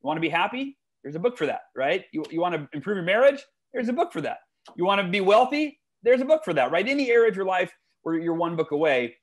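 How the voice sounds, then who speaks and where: A man, a guest author in a podcast interview, telling stories in an animated way with big swings in his voice. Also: high voice, fast. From United States.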